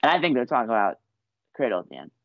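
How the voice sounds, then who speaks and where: A man's voice: medium pitch, very animated, rapid-fire, vocal fry, no echo, highs cut off. A man in his twenties, a college wrestler, telling a story in a loose, rambling way full of "you know" and "like". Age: 20s. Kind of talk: casual storytelling.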